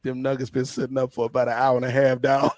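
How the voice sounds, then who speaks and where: A man co-hosting a podcast, telling stories in an animated, slangy way. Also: medium pitch, fast, dry recording. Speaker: podcast co-host. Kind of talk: casual storytelling chat.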